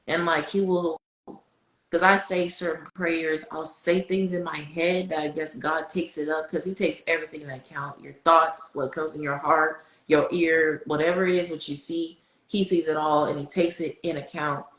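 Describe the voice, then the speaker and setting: Woman on a podcast, kinda low voice, gets really animated telling stories. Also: moderate pace. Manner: animated, storytelling, swings high when excited. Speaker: podcast guest speaker. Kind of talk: casual faith chat. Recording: echoey room.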